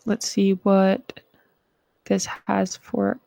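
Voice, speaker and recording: A woman's voice: medium pitch, little pitch movement, takes it slowly, creaky, mellow, dry recording. A woman hosting a live stream, chatting casually and rambling with lots of fillers as she searches for things. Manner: frustrated, rambling, many fillers.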